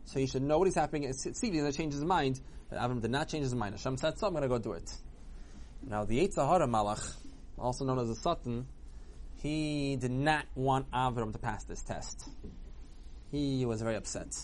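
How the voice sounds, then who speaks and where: A man retelling a religious story for children in an animated way, acting out the characters. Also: mid-range voice, brisk, slight background noise.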